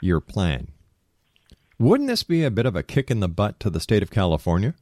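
A man hosting a radio talk show from Canada, interviewing a guest in a lively, conversational way. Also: lowish voice, normal speed, no echo, clean studio sound. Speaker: radio host.

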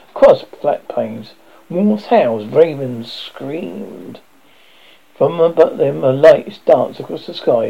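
A man's voice: on the high side, gravelly, slightly rough. A man reading a children's story aloud, stumbling and correcting himself often. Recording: dull lo-fi recording.

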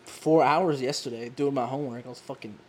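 Young woman guest, casual profane storyteller, animated quotes. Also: a bass voice, brisk, a little hiss or hum. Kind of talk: casual chat.

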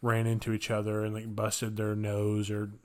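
A man's voice: lowish voice, moderate pace. A young man co-hosting a podcast, telling a story in casual chat and jumping into the voices of the people in it. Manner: animated storyteller, acts out kids' voices. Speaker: podcast co-host.

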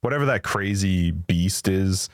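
Very deep-voiced man, dry, playful banter. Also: measured pace, no room sound. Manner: enthusiastic, giggly, playful banter. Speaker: podcast co-host. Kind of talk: casual gaming podcast chat.

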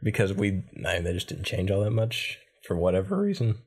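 Male podcast co-host, lower register, plain casual read-aloud of a ghost story. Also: very animated, a little fast, darkish tone, breathy edge. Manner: reads a folk tale aloud with small slips and restarts. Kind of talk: casual chat and story reading.

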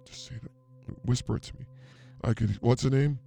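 In an improvised comedy bit, a man plays a brash, self-proclaimed psychic healer, blustering in an over-the-top, theatrical way. His mid-range voice is mellow with vocal fry, and he speaks fairly quickly.

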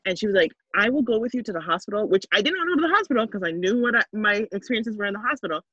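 A woman's voice: mid-range voice, expressive, rapid-fire, pushed and bright, breathy edge, no room sound, lo-fi sound. A woman guest telling a personal story in conversation, earnest and emotional, with many asides and restarts. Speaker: interview guest, mother of five.

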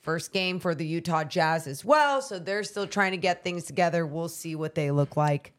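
A woman co-hosting a podcast, chatting about basketball with enthusiastic, quick reactions. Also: on the low side. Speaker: podcast co-host. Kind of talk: casual sports talk.

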